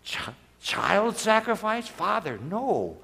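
A man voicing young Isaac, a trusting son, with hushed, pleading questions. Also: high voice, huge pitch swings, takes it slowly, creaky, voice pushed up, exaggerated voice. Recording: long hall reverb.

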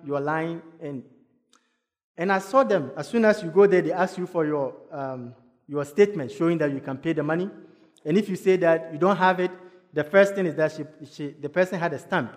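Animated Ghanaian man telling a story. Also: on the high side. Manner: animated, acts out dialogue. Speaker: speaker. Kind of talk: personal storytelling talk. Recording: long hall reverb.

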